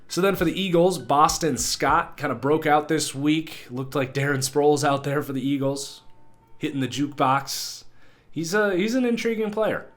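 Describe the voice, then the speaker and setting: A man's voice: on the high side, moderate pace. Man with a nasal, stuffy voice. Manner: loose, conversational, with fillers. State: nasal from a cold. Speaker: sports video host. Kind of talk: casual football analysis talk. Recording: faint guitar music behind.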